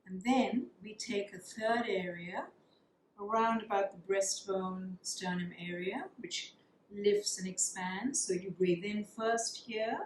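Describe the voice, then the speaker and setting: A woman teaching a yoga class, guiding breathing practices in a calm, soothing way and counting the breaths. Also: mid-range voice, slow pace, slight background noise. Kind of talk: guided yoga breathing instruction. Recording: echoey room with faint ambience.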